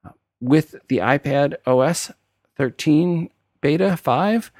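A man's voice: fairly high pitch, slow, darkish tone, no echo, studio quality. A man hosting a tech podcast with a New York accent, talking casually and explaining steps one by one. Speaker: podcast host.

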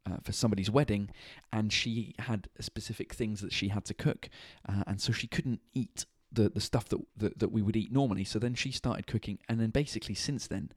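A man's voice: fairly low pitch, steady tone, a little fast, hardly any pauses, no room sound. Man, tired, chatty, swears freely, podcast host, dry room sound. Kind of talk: casual chat. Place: home kitchen at night.

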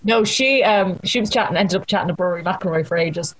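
Husky-voiced Irish woman telling a story. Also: fairly low pitch, brisk, poor audio. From Ireland. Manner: animated storyteller acting out quotes, laughing often. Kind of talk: casual chat, storytelling.

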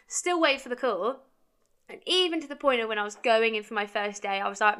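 A woman's voice: on the high side, a little fast, bright, forceful tone, smooth. A young woman in her twenties telling a casual story, chatty, quoting her own conversations and saying "like" a lot. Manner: chatty, quotes her own dialogue, heavy use of "like". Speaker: brand founder.

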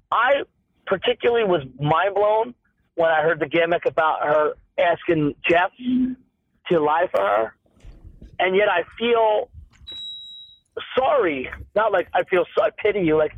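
A man in his late thirties with a fairly high voice talks candidly. He is rambling and emphatic, restarting his sentences and swearing now and then. The sound is thin and phone-like, with no room at all. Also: no echo. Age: 30s. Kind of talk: candid conversational talk. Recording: tinny phone-like sound, dry.

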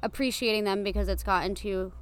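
A woman's voice: mid-range voice, fairly even intonation, fast talker. A young woman hosting a casual podcast chat, upbeat and agreeable. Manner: upbeat, agreeable, talks of energy and manifesting. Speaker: podcast host.

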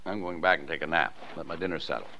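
A man playing an affectionate middle-aged father in a 1950s radio drama, gently teasing. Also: very deep voice, fast, exaggerated voice. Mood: gentle. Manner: fond, teasing. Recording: dull lo-fi old radio recording.

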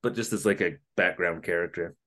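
A man co-hosting a casual podcast, retelling an episode in an animated, jokey way. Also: low voice, brisk. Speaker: podcast co-host. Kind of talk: casual comedic recap chat.

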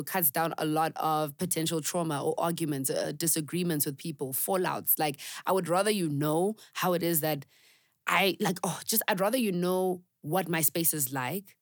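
Woman, young adult, podcast host, lowish voice, dead-dry sound, candid, earnest, reflective. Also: no echo. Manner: earnest, candid, filler-heavy with emphatic repetition. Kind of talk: reflective personal monologue.

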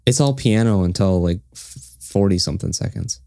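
Low-voiced man chatting about songs. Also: normal speed, no echo, clean studio sound. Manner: relaxed, hesitant, repeats words. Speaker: podcast co-host. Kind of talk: casual music review chat.

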